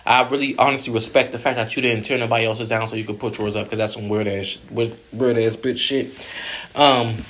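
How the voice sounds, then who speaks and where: A man's voice: medium pitch, fairly even intonation, fairly quick, fairly bright tone, a little hiss or hum. A man hosting a vlog, recapping a reality show in blunt, profane, opinionated casual commentary that rambles with restarts.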